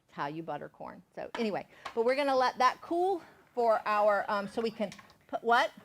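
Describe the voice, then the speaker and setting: A woman's voice: on the high side, lively intonation, normal speed, slight background noise. A middle-aged woman from Georgia with a Southern accent, chatting folksily while demonstrating recipes in a cooking class. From Savannah, Georgia, USA. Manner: chatty, folksy, checks in with "okay?".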